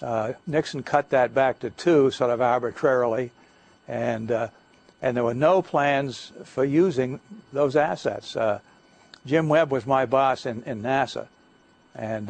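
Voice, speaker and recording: An older man giving a guest lecture, telling stories in a halting way, with many fillers and restarts. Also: mid-range voice, gravelly. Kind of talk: anecdotal lecture talk. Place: lecture hall.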